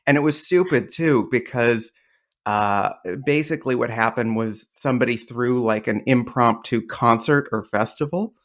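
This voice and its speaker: A man chatting as a podcast guest, a comedian who tells long, rambling anecdotes with dry wit. His voice sits at an ordinary middle pitch for a man. The talk is loose and conversational, full of small restarts. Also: moderate pace, fairly bright tone. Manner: rambling storyteller, dry and joking. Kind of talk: casual interview chat.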